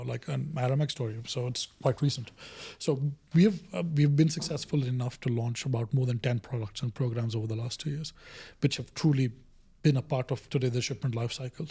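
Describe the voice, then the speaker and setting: In a brisk, gravelly, mid-range voice with a breathy edge, a middle-aged innovation director talks through a story as an interview guest. He animates it by performing the quoted lines.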